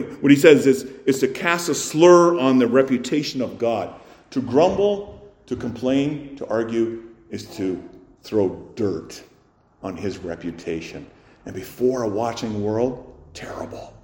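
Man, pastor, sermon, mellow dark tone, rhetorical questions, loud-to-soft swings. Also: medium pitch. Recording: roomy echo.

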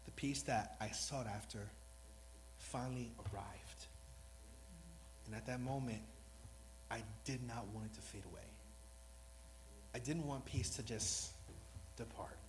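A man's voice: mid-range voice, unhurried, pauses often, slight background noise, poor audio. A man preaching a sermon in an earnest, rambling, self-deprecating way, new to speaking before this congregation. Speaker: lay preacher.

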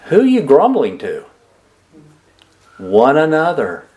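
A man preaching a sermon with a high, animated voice that climbs and falls sharply. He delivers it emphatically and keeps putting questions to the congregation, then repeating their answers back to them. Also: slow. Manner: emphatic preaching with lively rises and drops. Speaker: pastor.

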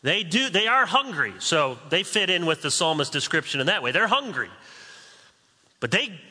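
A man preaching to his congregation in a relaxed, conversational way, slipping in humorous asides. His voice sits a little high and is strikingly bright and forceful. A long reverb from the large sanctuary trails every phrase. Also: moderate pace, slightly rough. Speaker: pastor. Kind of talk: sermon.

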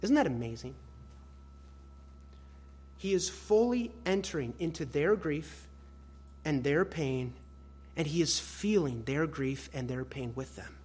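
Husky-voiced preacher man, high-pitched. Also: expressive, unhurried, long pauses. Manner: swings between loud emphatic stress and hushed soft phrases; addresses listeners as beloved. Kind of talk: expository sermon.

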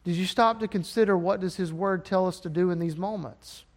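High-voiced Southern preacher. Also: male voice, fairly quick. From Alabama. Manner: impassioned, rising to emphatic peaks. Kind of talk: sermon.

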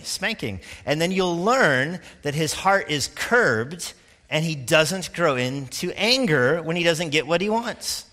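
Pastor, male, conversational sermon delivery, bright and forceful tone, long hall reverb. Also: on the high side, animated. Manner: conversational preaching with quick asides and laughs.

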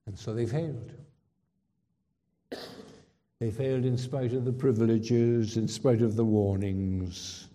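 Slow, dark-voiced preacher in a reverberant hall. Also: male voice, medium pitch, steady tone. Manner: emphatic, rhetorical questions and repetitions. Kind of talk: sermon.

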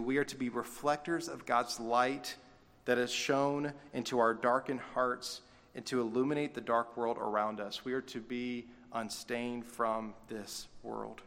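Pastor preaching in a reverberant hall. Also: male voice, medium pitch, steady tone, normal speed, a bit bright. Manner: conversational, folksy asides. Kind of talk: sermon. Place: church sanctuary. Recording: long reverb of a church hall.

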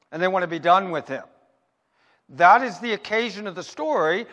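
A man preaching a sermon as pastor, asking rhetorical questions and answering them himself, slowing down to stress his points. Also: high-pitched, a bit bright, in a large hall. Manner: emphatic, slows down to stress points.

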